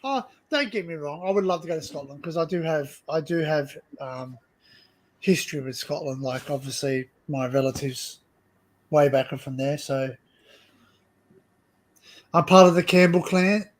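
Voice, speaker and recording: A man's voice: fairly high pitch, moderate pace, pauses often, slight background noise. An Australian man hosting a casual livestream chat, rambling and laughing often, repeating words as he talks. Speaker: livestream host.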